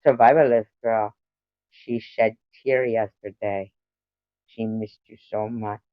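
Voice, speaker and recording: A woman hosts a casual livestream, playfully teasing her viewers, reading and answering their chat messages aloud, and trying out joke accents. Her bass voice is slow and steady. The recording is dry and the audio dull.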